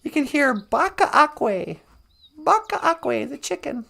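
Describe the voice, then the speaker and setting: A woman's voice: high-pitched, very animated, takes it slowly, gravelly, sharp tone. A woman telling a humorous folk tale in a loose, chatty live-stream manner, chuckling along. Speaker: storyteller. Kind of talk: casual live-stream storytelling.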